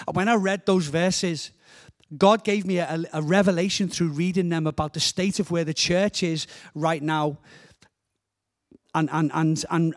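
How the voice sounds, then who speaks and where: A guest speaker with a Liverpool accent delivers a passionate sermon in a slightly high voice, often repeating words as he builds his points.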